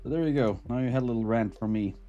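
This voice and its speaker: A man with a Norwegian accent chats loosely with his stream audience, his voice sitting at an ordinary middle pitch. He rambles and chuckles, slipping into small rants. Soft music plays faintly behind him. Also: racing, muffled recording. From Norway. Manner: rambling, chuckling, mildly ranting. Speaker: livestreamer. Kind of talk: casual chat with viewers.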